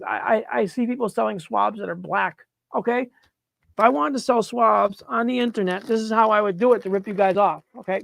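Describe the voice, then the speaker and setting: A man's voice: high voice, creaky, no room sound. A man hosting a live mushroom-growing stream, talking casually while demonstrating and answering questions, blunt and exasperated, swearing freely.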